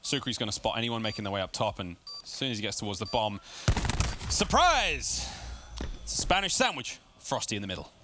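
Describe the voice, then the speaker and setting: Man, esports play-by-play, lowish voice, rapid calls, game noise in background. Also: fairly even intonation. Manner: rapid play-by-play, rising to shouts on big plays. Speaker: esports caster. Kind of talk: play-by-play commentary.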